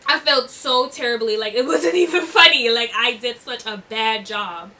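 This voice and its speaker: A young woman chats through a story in a bright, high voice, giggling and leaning on fillers. She is recorded from a little distance, with faint noise behind her. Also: moderate pace. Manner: chatty, giggly, lots of fillers. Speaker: vlogger. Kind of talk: casual storytime.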